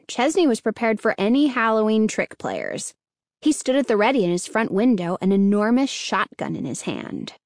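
A woman narrates a children's chapter book with steady, clear storytelling. Her voice sits a little high. The recording is dry and close. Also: no room sound. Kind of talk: scripted audiobook narration.

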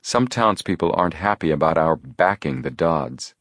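A man voicing a calm, methodical teenage detective boy who explains his reasoning in a measured way. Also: low voice, no room sound, clean studio sound.

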